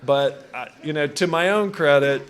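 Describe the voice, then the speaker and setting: A man's voice: fairly high pitch, normal speed, clean tone. A man in his sixties giving a hall of fame acceptance speech at a country club, conversational, with frequent restarts. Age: 60s. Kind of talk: acceptance speech with personal anecdotes. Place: country club event room.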